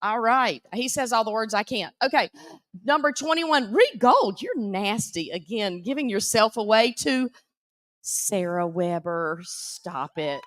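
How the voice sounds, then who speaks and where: A woman with a Southern American accent announcing prize winners at a live event, teasing and animated. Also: on the high side, measured pace, no room sound, studio quality. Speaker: auction emcee.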